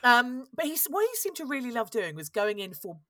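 A woman's voice: on the high side, big pitch swings, brisk, fairly bright tone, dry recording. A woman, hosting a podcast and telling a history story in a chatty, wry way that often breaks off and restarts. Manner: chatty, wry, self-interrupting. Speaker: podcast host. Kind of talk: casual storytelling chat.

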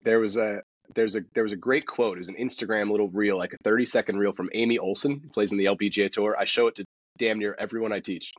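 A man, a golf instructor, talking as a podcast guest in quick, animated stories full of restarts. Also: fairly low pitch, husky, dull audio. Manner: rapid, animated storytelling with many restarts. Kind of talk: casual podcast interview.

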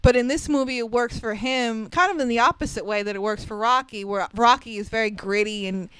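Woman, movie recap chat, swears a lot, slightly high voice, smooth and clear, dry sound. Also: fairly quick, no room sound, poor audio. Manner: animated, swears freely, acts out characters' lines. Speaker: podcast co-host.

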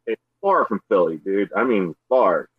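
A man's voice: on the low side, huge pitch swings, takes it slowly, slightly rough, no echo, muffled recording. A man from Philadelphia telling a story on a podcast as a guest, swearing and acting out every quote. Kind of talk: casual storytelling chat.

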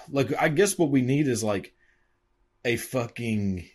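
A man's voice: mid-range voice, lively intonation, slow, a little mellow, husky. A man reacting to videos with an angry, sarcastic, profane rant full of "like" fillers. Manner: angry, sarcastic, swears constantly, many "like" fillers.

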